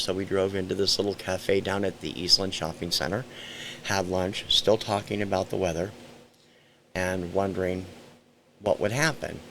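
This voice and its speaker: An older man from central Ohio with a very deep voice, recounting a memory off the cuff. His tone is gravelly, and he meanders, pausing on ums and correcting himself as he goes. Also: fairly bright tone, a little hiss or hum. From central Ohio, USA. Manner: rambling and hesitant, frequent ums and self-corrections. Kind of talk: unscripted first-person storytelling.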